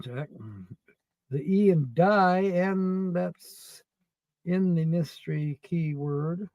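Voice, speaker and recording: A man hosting a livestream, chatting casually with viewers as he scratches tickets and reads out letters at a slow, rambling pace. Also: on the high side, vocal fry, warm tone, no room sound, rough recording. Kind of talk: casual live-stream chat.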